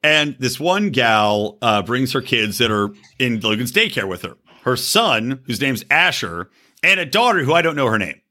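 A man in his thirties hosting a comedy podcast, telling stories in a blunt, profane, animated way. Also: mid-range voice, moderate pace. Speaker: podcast host. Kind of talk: casual comedy podcast banter.

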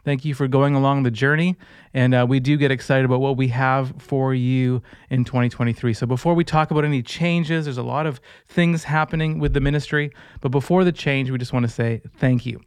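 A man's voice: medium pitch, steady tone, brisk, clear, resonant tone, no echo. A man hosting a faith podcast in an upbeat, joking, chatty manner. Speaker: podcast host. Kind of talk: casual podcast chat.

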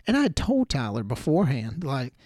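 A man's voice: mid-range voice, huge pitch swings, brisk, darkish tone, dry recording, clean studio sound. A young man hosting a podcast, telling a story in a rambling casual way full of "like" and "you know". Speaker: podcast host.

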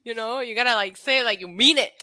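A woman's voice: a little high, fast talker, no echo. A woman co-hosting a podcast, talking animatedly and acting out quotes in casual chat about wrestling. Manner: animated, laughing, acts out quotes. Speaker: podcast co-host.

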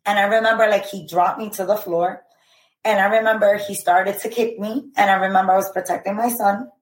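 Woman guest in her thirties, mid-pitched, recounting her past in halting bursts, roomy sound. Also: steady tone, a little hiss or hum. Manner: earnest, halting retelling with frequent "like" and "I remember". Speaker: podcast guest. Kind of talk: personal storytelling. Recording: roomy echo.

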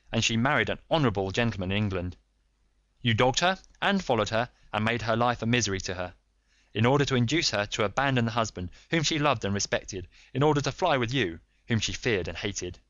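A man reading a calm, stern middle-aged detective who speaks in a measured, authoritative way. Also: medium pitch, no room sound, dull audio, pitched above the performer's own voice, lightly acted.

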